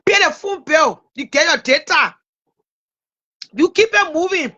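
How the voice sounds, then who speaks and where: A woman hosting a casual livestream, talking straight to her audience in an animated way and tripping over names. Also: extremely high pitch, measured pace, pauses often. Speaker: livestream host.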